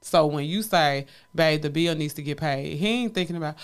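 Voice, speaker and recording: A woman's voice: sits low, moderate pace, few pauses, smooth. A woman co-hosting a casual chat podcast, talking candidly and animatedly and laughing often. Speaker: podcast co-host.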